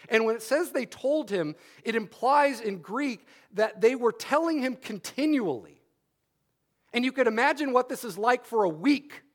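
A man preaching a sermon, repeating key phrases for emphasis and adding wry humorous asides. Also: very high-pitched.

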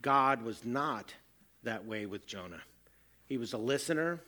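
Bright-voiced man preaching a sermon. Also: medium pitch, expressive, measured pace. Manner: earnest, self-deprecating storytelling. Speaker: pastor.

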